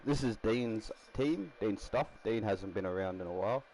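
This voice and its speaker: A man's voice: on the low side, animated, normal speed, a little mellow, slight background noise, poor audio. A man casually commenting while building a rugby team in a game, rambling and laughing often. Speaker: gaming streamer.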